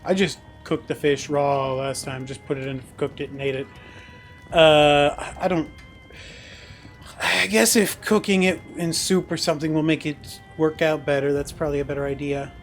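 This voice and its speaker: High voiced guy streaming a game, chatty, laughs a lot, swears casually, faint music behind. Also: fairly even intonation, normal speed. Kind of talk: casual chat while gaming.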